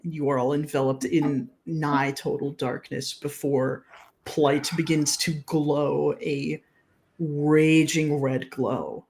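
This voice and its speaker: A man's voice: on the high side, little pitch movement, creaky, darkish tone. A man narrating and explaining rules as game master of a live-streamed tabletop game. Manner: measured, explains rules patiently. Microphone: streaming setup.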